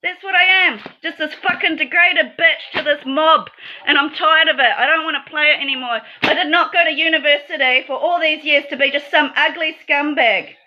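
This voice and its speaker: Aggrieved woman ranting, high voice. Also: fairly even intonation, a little fast, dull audio. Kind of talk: emotional monologue to camera.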